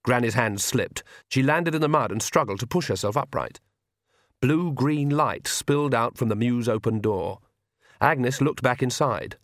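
Male audiobook narrator, mid-range voice, measured delivery, dead dry booth. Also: mid-range voice, fairly bright tone, no room sound.

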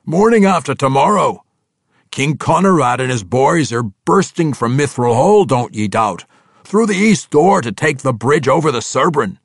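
A man voicing a loud, gruff male dwarf spy with folksy dialect, in an audiobook. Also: medium pitch, animated, measured pace, no room sound, clean studio sound, pitched above the performer's own voice, full character voice. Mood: boisterous.

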